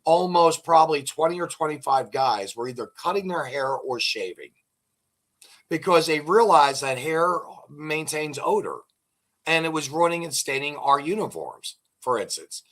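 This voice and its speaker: A man's voice: a little high, expressive, moderate pace, fairly bright tone. A middle-aged man hosting an interview, chatting casually and telling long rambling jokes and stories. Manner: rambling joke-telling storyteller. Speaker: host.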